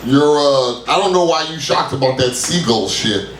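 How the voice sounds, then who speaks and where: A man, doing a loose, profane stand-up set with sudden shouted, high-pitched outbursts at an open mic. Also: animated, moderate pace, a little hiss or hum. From New York. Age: 30s. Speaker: stand-up comedian. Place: small club at an open mic. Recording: roomy club sound from a distant mic.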